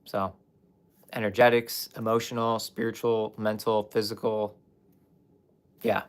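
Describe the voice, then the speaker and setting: A man's voice: on the low side, flat delivery, unhurried, clear, resonant tone. A young man candidly telling his personal story on a livestream, swearing at times and talking straight to his chat. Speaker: life coach livestreamer.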